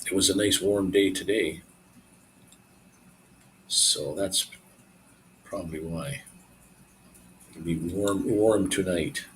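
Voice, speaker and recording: A man's voice: low-pitched, slow, pauses often, slight background noise, low-quality recording. A man live streaming, chatting casually and rambling to his viewers. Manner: rambling, relaxed, talks to viewers.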